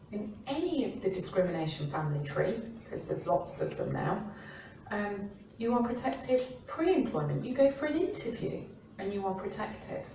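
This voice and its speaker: A middle-aged woman from the UK, an employment law expert talking informally and acting out quoted remarks in lively voices. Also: medium pitch, a little hiss or hum. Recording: roomy, distant mic with faint ambience.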